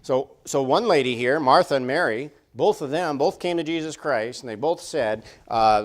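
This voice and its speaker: A man's voice: medium pitch, normal speed, hardly any pauses. A man preaching a sermon in a church, conversational and repetitive, full of rhetorical questions. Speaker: pastor. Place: church sanctuary.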